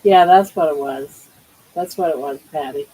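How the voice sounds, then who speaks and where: A woman's voice: deep voice, normal speed, warm tone, breathy edge, poor audio. An older woman hosting a casual livestream from home, cooing baby talk to her pet. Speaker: livestream host.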